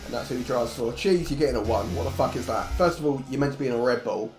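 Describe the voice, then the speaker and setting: A man's voice: medium pitch, fast, a little mellow. A man commentating a live sim race stream in a jokey, blunt way, swearing freely. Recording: roomy echo, faint music behind.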